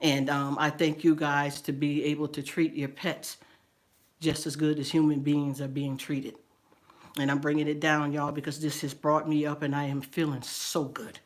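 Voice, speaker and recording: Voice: medium pitch, level tone, moderate pace. A middle-aged livestream host talking casually and earnestly with viewers, stumbling over repeated words and calling people "honey". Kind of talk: casual livestream chat with viewer shout-outs.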